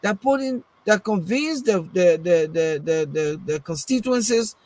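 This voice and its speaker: A man with a high, animated yet unhurried voice and a darkish tone argues politics on a talk show, heard over poor audio. It's a casual political discussion, and he leans on insistent rhetorical questions, repeating words as he gropes for his next point.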